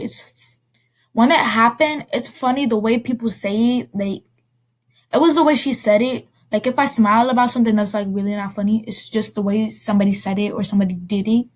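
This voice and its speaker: A woman with a slightly high voice tells a personal story in a loose, casual vlog style. She rambles, doubles back and corrects herself mid-sentence, tossing in quick asides as she goes. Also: steady tone. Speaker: vlogger.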